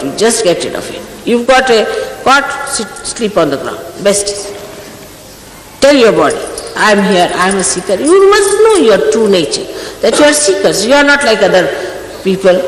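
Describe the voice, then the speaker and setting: A woman delivers a stern spiritual talk, her intonation swinging widely between high and low. The recording is an archival one in a large echoing hall with a faint hiss. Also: sing-song, normal speed. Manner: scolding, earnest, exhorting. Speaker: spiritual teacher.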